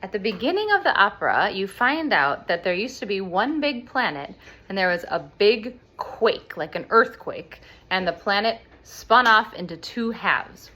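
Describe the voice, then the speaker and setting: A woman explaining an opera plot to children as an expressive storyteller. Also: medium pitch, a little hiss or hum. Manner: animated, expressive.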